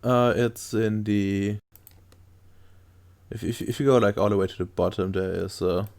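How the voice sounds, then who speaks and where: A man narrates a tabletop game as its game master, groping for words as he describes things. His voice sits low and carries a gravelly fry. He talks in a casual, unpolished way. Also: fairly even intonation, a little mellow. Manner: halting, searching for words while describing.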